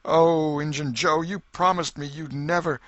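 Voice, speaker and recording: A man's voice: on the high side, very animated, measured pace, pushed and bright, breathy edge, dry recording, lo-fi sound, pitched above the performer's own voice, exaggerated voice. A man voicing a terrified middle-aged man accused of murder, pleading and tearful in a storybook reading. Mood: despairing.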